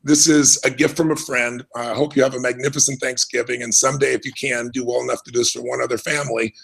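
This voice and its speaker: A middle-aged American man, appearing as an interview guest, tells his life story earnestly and reflectively, often restarting sentences. His medium-pitched voice is flat, fast, creaky, husky and fairly bright, and the audio quality is poor.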